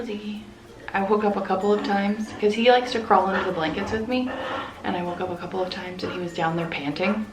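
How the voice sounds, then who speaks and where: A woman in her thirties chatting casually in a home vlog, talking about her dogs. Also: on the low side. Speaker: vlogger. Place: home, indoors and yard. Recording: echoey room with music bed.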